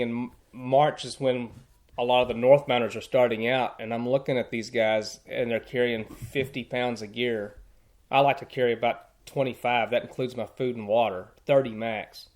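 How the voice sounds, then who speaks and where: A man talks as a guest on a podcast, in an earnest, chatty voice of middling pitch. He tells his stories casually, restarting sentences as he goes and warming to his point. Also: fairly even intonation, moderate pace. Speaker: podcast guest, thru-hiker. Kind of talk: casual storytelling conversation.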